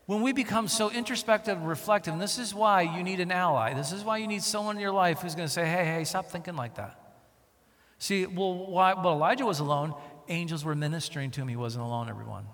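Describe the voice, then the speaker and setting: A man preaching a sermon, emphatic, with rhetorical questions to his listeners and volume that swings from loud to hushed. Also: high voice, fast talker, hardly any pauses. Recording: long reverb of a hall.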